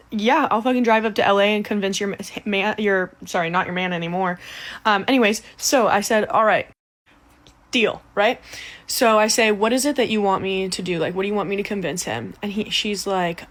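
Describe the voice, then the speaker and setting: A young woman telling a story in a casual, animated, profane way, acting out the other people's voices. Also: medium pitch, a little fast.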